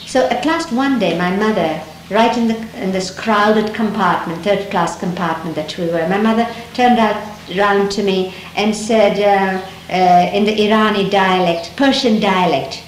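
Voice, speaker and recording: Middle-aged woman reminiscing on old tape. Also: mid-range voice. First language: Dari. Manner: gentle, unhurried, reflective, with many pauses and restarts. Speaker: speaker recounting memories. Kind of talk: reminiscing storytelling talk. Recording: roomy archival 1970s tape with faint hiss.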